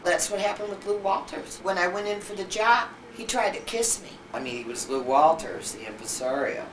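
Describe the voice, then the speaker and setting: A woman's voice: fairly low pitch, lively intonation, moderate pace. An older woman telling candid stories from her acting days in an interview, blunt and salty, often laughing as she talks. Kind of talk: candid anecdotal storytelling. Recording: distant mic with faint background noise.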